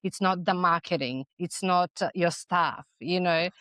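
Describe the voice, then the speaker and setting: A woman's voice: lowish voice, measured pace, a bit bright, dry recording. Emphatic woman, persuasive podcast guest. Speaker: guest, dental practice management consultant. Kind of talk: conversational interview.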